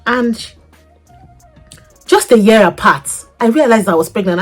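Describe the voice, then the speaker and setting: A young woman, telling a personal story in a casual vlog, animated and laughing, jumping between loud outbursts and soft asides. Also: fairly high pitch, unhurried, long pauses, soft background music. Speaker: vlogger.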